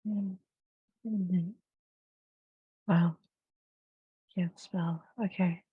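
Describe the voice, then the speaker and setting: A woman reviewing tech in a casual, thinking-aloud way, drowsy and unhurried, hesitant with many fillers. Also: lowish voice, steady tone, husky, no room sound, phone-quality sound.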